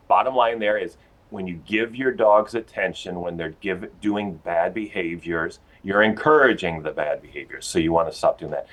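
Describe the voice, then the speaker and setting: A man's voice: fairly low pitch, rough recording. A man from a pet store giving dog training tips on a TV segment, folksy and chatty, acting out little everyday scenes. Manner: folksy, acts out little scenes in his own voice. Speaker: pet store guest expert.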